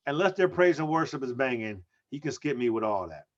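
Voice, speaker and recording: Animated joking man, high voice. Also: fairly quick. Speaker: co-host. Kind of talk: casual comedic chat. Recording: muffled lo-fi audio.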